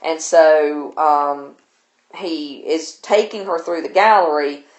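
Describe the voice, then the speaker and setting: A woman's voice: low-pitched, slow, darkish tone, echoey room. A woman teacher, casually retelling a novel for her class in a loose, chatty way. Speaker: literature teacher.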